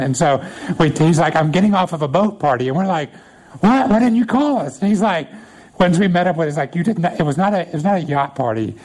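A male pastor preaching a sermon in a casual storytelling way, animated and conversational, with frequent fillers and laughter at his own stories. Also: mid-range voice, rough recording.

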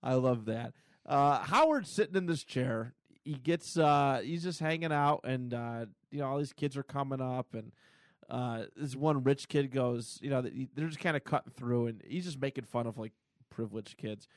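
A man co-hosting a comic book podcast, retelling scenes casually with many pauses and fillers. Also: medium pitch, no echo, clean studio sound. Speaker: podcast co-host. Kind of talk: casual chat.

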